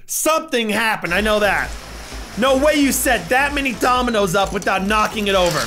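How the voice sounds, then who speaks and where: A young man joking through casual gaming commentary who keeps bursting into excited shouts. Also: sits high, normal speed, soft background music. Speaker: YouTuber.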